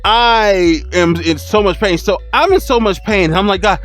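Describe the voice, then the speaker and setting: A man telling a funny storytime as a streamer, animated, laughing and exclaiming as he goes. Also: sits high, a little slow, soft background music. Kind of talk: storytime vlog.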